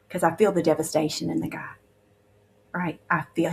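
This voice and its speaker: A woman's voice: fairly low pitch, steady tone, a little slow, gravelly, slight background noise. A woman, earnestly sharing a vivid spiritual testimony as a guest. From Alabama, USA.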